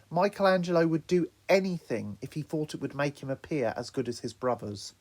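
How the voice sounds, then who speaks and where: Expressive man reading a story. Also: fairly quick, hardly any pauses. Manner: expressive storytelling with lively pitch. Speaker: narrator. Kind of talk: audiobook narration.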